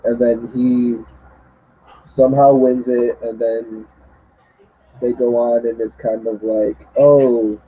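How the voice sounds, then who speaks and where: A man's voice: medium pitch, flat delivery, slow, long pauses, slightly rough, dull audio. A man reviewing a wrestling show in casual chat, often acting out quotes in a mocking voice.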